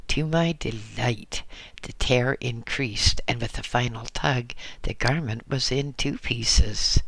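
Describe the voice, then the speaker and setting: A man narrates an audiobook in the first person at a slow, measured pace. His voice is bright with a gravelly fry, recorded close and dry. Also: mid-range voice, dry recording. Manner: measured, unhurried reading. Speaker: audiobook reader.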